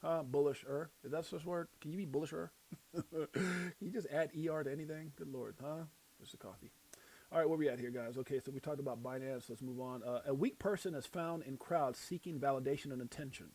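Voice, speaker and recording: A man with a Brooklyn accent hosting a casual crypto livestream, reading out motivational quotes and breaking into loud shouts and laughter. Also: a little high, fairly quick, husky. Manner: reads out quotes and preaches motivational sayings.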